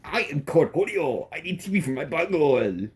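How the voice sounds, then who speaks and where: A man's voice: on the high side, sing-song, normal speed, voice pushed up. A man voicing Cornholio, a frantic and demanding teen boy alter ego with an unhinged manner.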